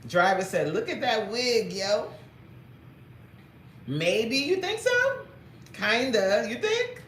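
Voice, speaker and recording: A woman's voice: fairly high pitch, fairly bright tone, reverberant, slight background noise. A woman fitness coach chatting playfully on a livestream, greeting viewers by name, reading their comments aloud and laughing often.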